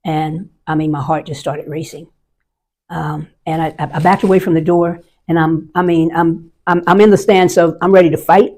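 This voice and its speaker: Brief: veteran woman in her 60s, lowish voice, candid and emotional storyteller. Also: fairly even intonation, moderate pace, a little mellow. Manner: candid, emotional, vivid recounting. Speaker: army veteran guest. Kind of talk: personal storytelling.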